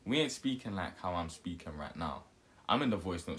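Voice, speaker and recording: Lively young man telling a funny story. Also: low voice, fairly quick. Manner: animated, jokey, acts out quotes. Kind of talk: casual storytime vlog.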